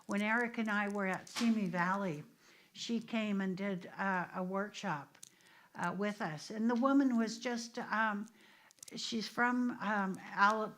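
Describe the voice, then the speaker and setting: A middle-aged woman minister from the United States leads an informal church discussion. She tells stories in a loose, conversational way and often breaks off to restart a thought. Her voice sits at a middle pitch. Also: unhurried, a bit bright. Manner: conversational, storytelling, with restarts and asides. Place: church meeting room.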